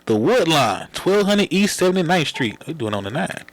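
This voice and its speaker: A man's voice: a little high, sing-song. A man hosting a podcast, talking casually and joking with his co-hosts. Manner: laid-back, joking, quick to laugh. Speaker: podcast host. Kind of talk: casual chat.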